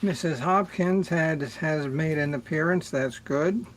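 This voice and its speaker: A middle-aged man hosting a music livestream, chatting slowly and rambling as he greets viewers by name. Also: fairly high pitch, a little hiss or hum. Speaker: livestream music show host. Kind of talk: casual livestream chat with viewers.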